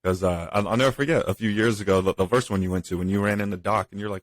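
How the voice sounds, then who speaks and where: Male co-host, low voice, rapid casual delivery, dry close mic. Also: fairly even intonation, dry recording. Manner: quick, easygoing, chimes in with short agreements. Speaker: podcast co-host. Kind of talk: casual chat.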